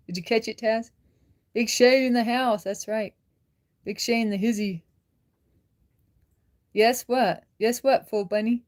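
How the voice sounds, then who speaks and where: Worn out, by her own account, a livestream host with a medium-pitched voice keeps the conversation loose and chatty. She laughs often and reacts to viewer comments as they come in.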